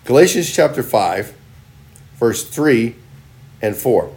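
Gravelly, animated male pastor preaching. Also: medium pitch, slow pace. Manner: emphatic, punchy preaching with sudden loud and soft swings. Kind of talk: sermon, teaching from scripture.

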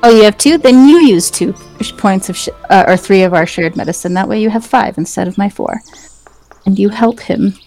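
A woman plays a tabletop game, talking casually as she coordinates her group's actions. Her pitch sits in a middle range. Faint music plays in the background. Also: brisk, dark tone, rough recording. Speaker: player.

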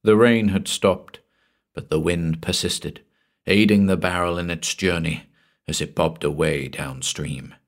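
A man reading a scripted horror story aloud in a measured, dramatic way, dropping to a hush at the ends of phrases. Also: deep voice. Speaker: narrator.

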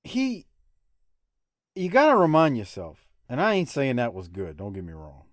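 A man's voice: medium pitch, wildly swooping pitch, normal speed, no room sound, studio quality. A man co-hosting a casual podcast, laughing and rambling. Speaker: podcast co-host. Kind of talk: casual chat.

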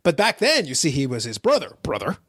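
A man hosting a podcast in casual chat, teasing and animated as he plays a clip for his co-host. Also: a little high, brisk, husky, no echo, clean studio sound.

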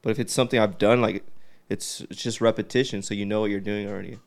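Man in his thirties, low gravelly voice, musing casual chat. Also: steady tone, quick pace. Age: 30s.

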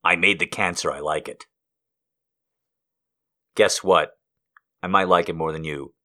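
A man voicing a smug, cruel God who taunts in a low, flat voice. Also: measured pace. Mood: taunting.

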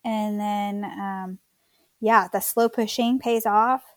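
A woman's voice: mid-range voice, steady tone, slow, no echo. A woman in her thirties from Florida casually telling her birth story as a guest, chatty with many fillers.

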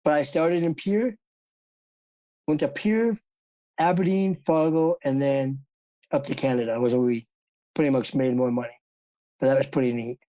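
A man's voice: medium pitch, moderate pace, long pauses, dark tone, dry recording, low-quality recording. A man from South Dakota, a former jockey, telling his story as an interview guest in a rambling way with frequent laughs. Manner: rambling, laughs often, acts out quoted voices.

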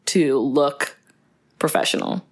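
A young woman in her twenties co-hosting a podcast in casual chat, telling stories with lively quoted voices. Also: rumbling low, slow pace, breathy edge. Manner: chatty, animated storytelling with quoted voices. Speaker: podcast co-host.

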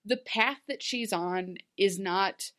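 A woman in her thirties co-hosting a casual recap chat, animated and laughing often as she acts out scenes. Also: mid-range voice, takes it slowly. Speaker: podcast co-host.

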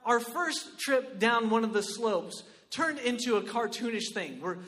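A male comedian telling a stand-up story in an animated, exclamatory way, often asking "right?". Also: very high voice, measured pace, in a large hall.

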